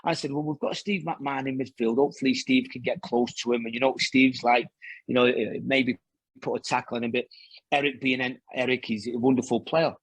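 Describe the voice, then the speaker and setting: A man's voice: mid-range voice, fairly even intonation, a little fast, slightly rough, no room sound. A man, a former professional footballer, telling rambling anecdotes in a casual interview, full of restarts and fillers.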